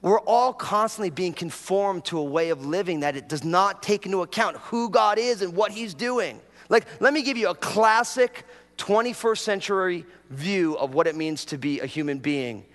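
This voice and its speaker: A man's voice: high-pitched, moderate pace, a bit bright, big-room sound. A man preaching a sermon as pastor, talking casually and drawing the congregation in with prompts and jokes.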